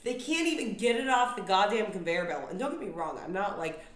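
A young woman talks into a podcast mic in a profane, exasperated comic rant. Her voice sits at a middling pitch for a woman. The room adds a noticeable echo. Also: animated, a little fast. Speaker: podcast host. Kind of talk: comedic solo rant. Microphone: podcast microphone. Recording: roomy echo.

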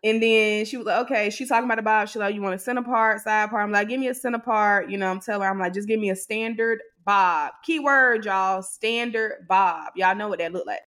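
A woman co-hosting a podcast, telling an animated, exasperated story and acting out what others said. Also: medium pitch, fast, few pauses. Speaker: podcast co-host. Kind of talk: casual storytelling to a co-host.

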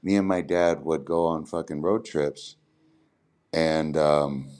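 A man hosting a podcast, telling a long profane story in casual, animated chat. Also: rumbling low, slow pace. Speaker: podcast host.

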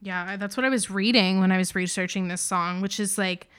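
A woman's voice: medium pitch, fairly even intonation, a little fast, a bit bright, clean tone, no room sound, clean studio sound. A woman from the American South co-hosting a podcast, chatting about music in a laid-back, agreeable, slangy way. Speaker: podcast co-host. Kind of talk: casual chat about music.

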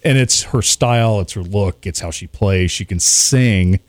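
A man's voice: lowish voice, measured pace, no room sound. A man, a radio DJ chatting casually as a podcast guest, rambling and poking fun at himself. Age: 40s. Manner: rambling, self-mocking, chuckles often.

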